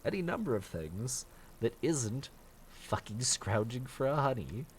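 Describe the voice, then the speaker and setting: A man's voice: mid-range voice, very animated, measured pace, slight background noise. A man streaming a survival game, grumbling and swearing at his bad luck and mocking himself as he plays. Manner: grumbling, profane, self-mocking. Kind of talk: casual gameplay commentary.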